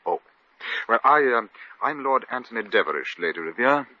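An actor playing a bored, suave lord with a dry, languid upper-class drawl, in 1940s radio comedy. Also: male voice, fairly low pitch, animated, normal speed, sharp tone, no echo, heavily acted. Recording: dull lo-fi old radio recording.

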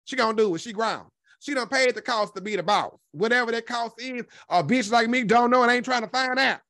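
A man hosting a gossip commentary show, talking loudly and brashly with constant profanity. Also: very high-pitched, a little fast, no echo, clean studio sound. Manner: loud, brash, heavily profane.

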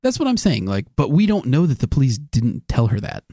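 A man co-hosting a podcast in casual chat, reasoning through a point with halting restarts and some laughter. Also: medium pitch, wildly swooping pitch, mellow, no room sound, studio quality. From United States. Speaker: podcast co-host.

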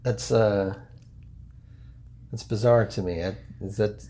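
A man's voice: on the low side, steady tone, slow pace, mellow. A man hosting an improvised comedy podcast, playing the dry, exasperated straight man to his sidekick. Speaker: podcast host.

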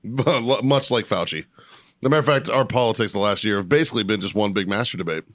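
A man's voice: lowish voice, fast talker, fairly bright tone, no echo, clean studio sound. A man hosting a podcast in crude, joking banter with his friends. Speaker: podcast host. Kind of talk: casual chat.

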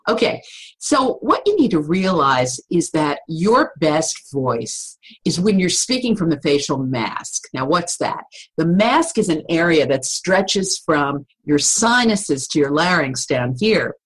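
A woman's voice: deep voice, very animated, takes it slowly, husky, poor audio. A woman voice coach speaking as a guest on an interview podcast, explaining with energy and demonstrating vocal exercises.

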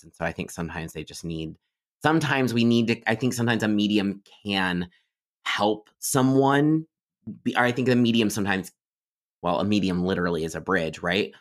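A man with a very deep, low-pitched voice talks as a guest on a podcast. He tells stories in a loose, chatty way, stacking up asides and fillers as he goes. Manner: chatty, many fillers and restarts, warm storytelling. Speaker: psychic medium guest. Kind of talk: casual podcast interview storytelling.

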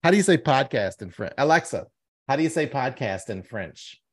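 With a mid-range, expressive voice and a fairly quick pace, this podcast co-host chats casually, reading news items aloud and joking about them.

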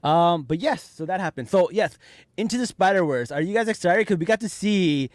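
A man speaking a little higher than most men, rambling excitedly through a casual podcast chat. His voice is close and dry, with no room sound at all. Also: brisk, no echo. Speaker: podcast host.

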